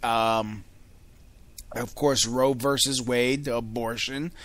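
Slow, rambling American man hosting a rant. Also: mid-range voice, steady tone, fairly bright tone, no room sound. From United States. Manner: rambling, filler-heavy, profane. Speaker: podcast host. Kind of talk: casual solo rant.

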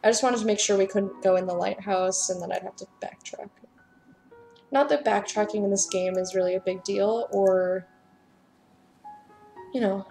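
Chatty woman with a gravelly fry. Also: medium pitch, steady tone, moderate pace, long pauses, mellow, soft background music. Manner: chatty, self-deprecating, voices the game's dialogue. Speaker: let's play gamer. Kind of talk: casual gameplay commentary and reading dialogue aloud.

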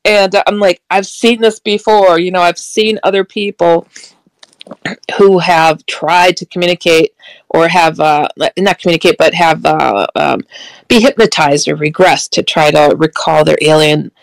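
A woman telling a strange personal story in a casual, animated way, often acting out the dialogue. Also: lowish voice, measured pace, gravelly, no echo, low-quality recording. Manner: animated, quotes dialogue, laughs often, frequent restarts. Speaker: guest recounting a paranormal experience.

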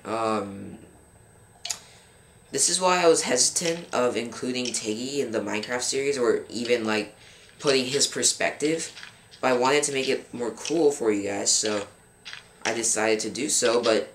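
Young man, casual gameplay commentary, halting grumbling delivery, echoey room. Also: mid-range voice, fairly bright tone. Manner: frustrated, rambling, fills pauses with um. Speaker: gaming channel host. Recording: roomy with faint background noise.

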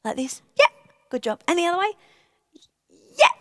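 A woman presenting to young children, speaking in a gentle, encouraging way and asking playful questions between songs. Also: very high-pitched, wildly swooping pitch, moderate pace, dry recording, studio quality.

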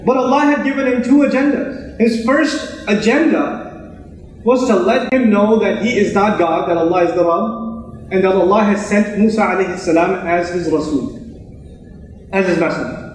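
Male preacher, high voice, quick animated storytelling, booming mosque echo. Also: slight background noise. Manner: animated, conversational storytelling, acts out quotes. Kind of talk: Friday sermon. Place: mosque prayer hall. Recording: echoey hall, mic at distance.

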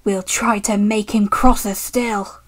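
A woman's voice: medium pitch, fairly even intonation, slow, close to an everyday voice. A woman voicing a small, spiteful brake van that snickers and whispers its schemes, reading a storybook. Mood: sly, panicky.

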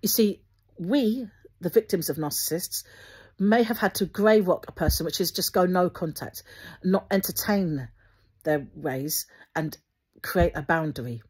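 Woman, breathy, fairly low voice, earnest Christian encouragement, gently instructive. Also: unhurried. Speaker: Christian video host. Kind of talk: spoken encouragement to viewers.

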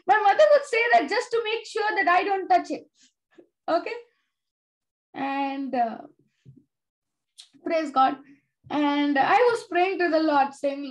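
A woman's voice: very high-pitched, a little slow, long pauses, low-quality recording. A young girl from India leading a children's Bible study, telling a personal story earnestly with many fillers and "okay?" checks. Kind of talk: sermon-like testimony.

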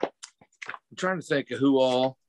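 A man's voice: mid-range voice, slow pace, a little hiss or hum. A middle-aged man from Missouri, a voice actor telling stories in a casual interview and acting out other people's voices as he goes. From Missouri, USA. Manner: animated storyteller, acts out other people's voices.

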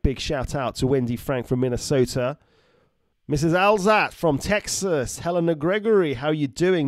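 A man chats casually on a live stream, reading out viewer names and teasing the audience. His voice sits a little high for a man and sounds dry and close, with no room around it. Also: no echo. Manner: reads out viewer names and greetings, jokey. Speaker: doctor hosting a live stream.

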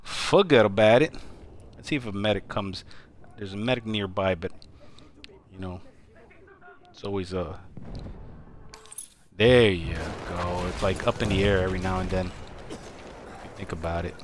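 Low-voiced wisecracking New streamer. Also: male voice, normal speed, pauses often. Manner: wisecracking, repeats catchphrases. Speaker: game streamer. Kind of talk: live gameplay commentary.

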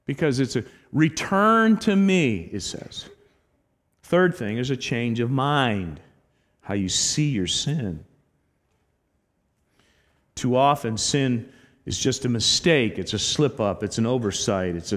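A man's voice: medium pitch, sing-song, a little slow. Emphatic male pastor in a reverberant hall. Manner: emphatic, swings between loud exhortation and hushed earnestness. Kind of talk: sermon. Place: church sanctuary.

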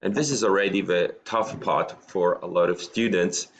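A man's voice: sits low, steady tone, moderate pace, highs cut off, slight background noise. A male teacher giving a recorded science lesson from a room at home, explaining step by step in a patient way and often checking in with "okay?".

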